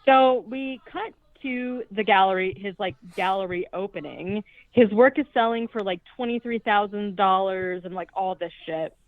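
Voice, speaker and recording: A woman's voice: medium pitch, normal speed, hardly any pauses, no room sound. A woman podcast co-host recapping a horror movie in a chatty, profane way, with lots of "like". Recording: tinny phone-like, dry sound.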